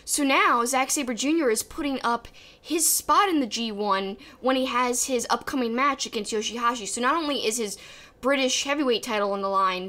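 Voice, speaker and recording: A woman's voice: fairly high pitch, pushed and bright. A woman co-hosting a casual podcast, giving emphatic and opinionated takes. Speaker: podcast co-host. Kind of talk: casual wrestling podcast chat.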